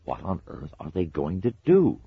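A man playing a flustered eager young guy, raised and lively, gravelly undertone, muffled. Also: low voice, moderate pace, no room sound, voice pushed up, heavily acted. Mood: anxious. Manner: anxious and eager.

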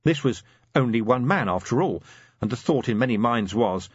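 Husky man narrating an audiobook, expressively. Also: medium pitch, moderate pace, dry recording, lo-fi sound. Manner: lively, expressive storytelling. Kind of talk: scripted narration.

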